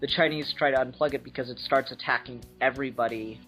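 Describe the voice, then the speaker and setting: A man co-hosting a casual film discussion, relaxed and rambling, with many fillers and laughs. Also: mid-range voice, quick pace, soft background music. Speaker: podcast co-host.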